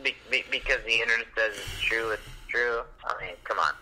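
A man's voice: mid-range voice, fairly quick, over a noisy crowd, rough recording. A man in his thirties co-hosting a podcast, making dry, wisecracking remarks. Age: 30s. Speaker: podcast co-host. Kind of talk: casual chat.

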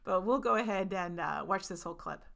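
A chatty woman hosts a casual livestream and reads out viewer comments before answering them. Her voice is bright and forceful, and her pitch sits at a middle height. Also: fairly quick, creaky. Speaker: host. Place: home in rural New England.

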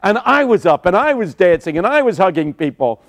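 An older man preaching a sermon, telling stories dramatically with sudden shouts. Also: high-pitched, very animated, brisk. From United States.

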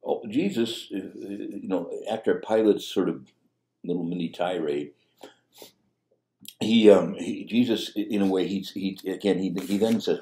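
Man, priest, conversational sermon, mellow low voice, roomy echo. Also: normal speed, a little hiss or hum. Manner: conversational, with fillers and restarts. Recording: echoey room.

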